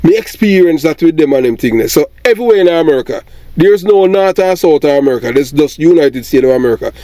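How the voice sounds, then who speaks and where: A man's voice: on the high side, expressive, quick pace, mellow, no echo. A middle-aged Jamaican man with a Jamaican accent, commenting in a rambling monologue and often asking "you understand?".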